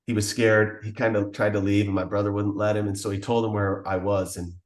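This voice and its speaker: A man's voice: lowish voice, flat delivery, fairly quick, reverberant. A man telling the story of his past as a podcast guest, in an earnest, emotional way. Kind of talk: personal testimony.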